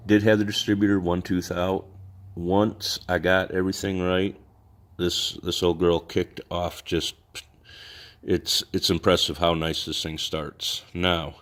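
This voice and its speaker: A man rambling casually in his workshop garage about his engine, laid-back and folksy, with some mild cursing. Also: low-pitched. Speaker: garage mechanic vlogger. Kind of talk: casual rambling shop talk.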